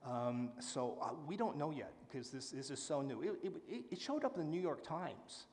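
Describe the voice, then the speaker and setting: A man giving a public talk and answering audience questions, speaking with lively enthusiasm and frequent fillers. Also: fairly high pitch, moderate pace, in a large hall, slight background noise. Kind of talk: public lecture and Q&A. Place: lecture hall with live audience.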